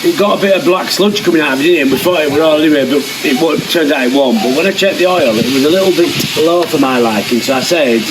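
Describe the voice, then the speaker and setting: A man's voice: fairly high pitch, fast talker, hardly any pauses. A man explaining boat engine work in casual, plain-spoken talk, a little hesitant. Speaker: dad of the sailing family. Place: outdoors in a boatyard. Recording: crowd and boatyard noise.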